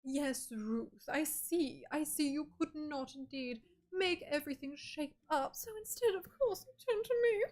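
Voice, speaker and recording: A woman's voice: high-pitched, animated, darkish tone. Woman putting on a haughty old know-it-all witch. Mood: condescending. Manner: haughty, drawn-out and condescending.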